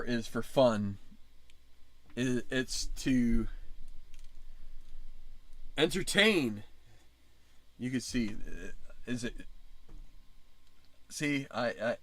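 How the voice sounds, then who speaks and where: A man's voice: medium pitch, no echo. A man hosting a casual livestream chat, rambling and often breaking off to restart his sentences. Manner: rambling, self-interrupting. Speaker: channel host.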